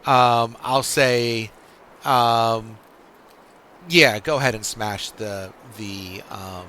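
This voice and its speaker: A man running a tabletop game as game master, pausing often as he works out rulings for the players. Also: mid-range voice, pushed and bright, a little hiss or hum. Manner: halting, full of fillers and restarts while deciding rulings.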